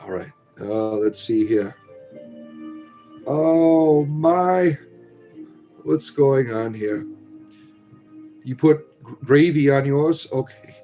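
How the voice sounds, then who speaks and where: A man's voice: medium pitch, very slow, pauses often, warm tone, faint music behind. A middle-aged man hosting a casual livestream, reading chat aloud in a rambling, sardonic, irreverent way.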